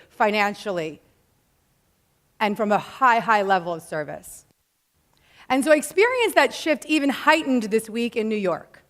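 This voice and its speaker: A woman's voice: on the high side, fairly bright tone. A woman in her thirties giving an earnest inspirational talk to a live audience, mixing casual slang with spiritual phrasing. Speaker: motivational speaker.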